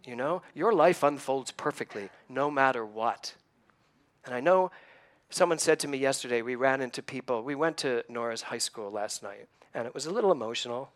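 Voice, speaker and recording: A man in his sixties speaks from the pulpit in an earnest, storytelling way, turning to his listeners with questions. His voice sits at an ordinary middle pitch and carries a slight emotional edge. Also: moderate pace. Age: 60s. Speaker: church speaker. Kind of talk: conversational sermon.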